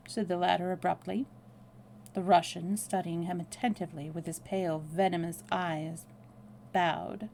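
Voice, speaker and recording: Female storyteller reading a novel aloud, calm and even, with a gravelly texture. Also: lowish voice, moderate pace, slight background noise.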